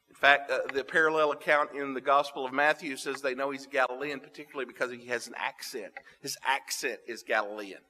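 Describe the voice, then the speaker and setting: A man preaching a sermon, reading scripture aloud and explaining it with dramatic pauses. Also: mid-range voice, fairly even intonation, bright, forceful tone. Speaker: pastor. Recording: long hall reverb.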